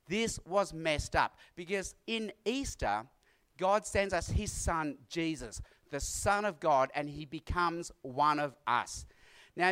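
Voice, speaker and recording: A middle-aged man delivers a sermon in a notably high voice. He preaches earnestly, circling back to repeated phrases and letting dramatic pauses land between them. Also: a bit bright. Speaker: pastor.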